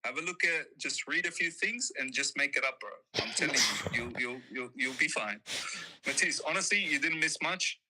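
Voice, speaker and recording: A man's voice: medium pitch, normal speed, sharp tone, rough recording. A young man and fellow football content creator, chatting casually in a laid-back, reassuring way. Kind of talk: casual chat.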